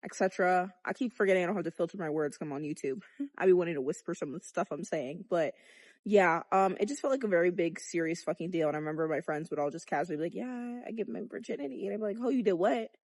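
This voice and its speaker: A woman's voice: lowish voice, fast, darkish tone, no room sound, studio quality. A young adult woman filming a candid vlog outdoors, talking bluntly with lots of swearing and jokes. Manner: profane, blunt and joking. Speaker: vlogger. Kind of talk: candid chatty sex-education vlog.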